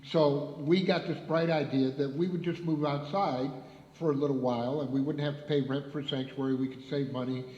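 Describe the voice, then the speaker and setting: A man's voice: fairly high pitch, fairly even intonation, a little fast, darkish tone. A man, a pastor, giving a conversational panel introduction with easy fillers. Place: church hall. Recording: echoey hall, slightly dull sound.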